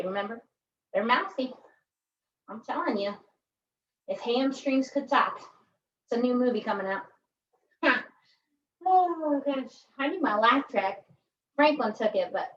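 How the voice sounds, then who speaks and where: Recorded with a distant mic in an echoey room, the dull-sounding audio catches a woman's high-leaning voice over slight background noise. She instructs pilates in a chatty, jokey manner, frequently tacking "right?" onto her cues.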